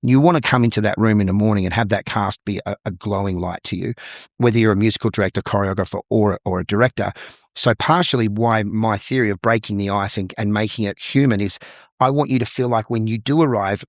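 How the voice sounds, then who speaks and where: A man's voice: on the low side, fast, no echo, clean studio sound. A middle-aged Australian man, a musical theatre performer and vocal coach, chatting thoughtfully as an interview guest. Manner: thoughtful storyteller who acts out little dialogues. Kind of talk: casual interview conversation.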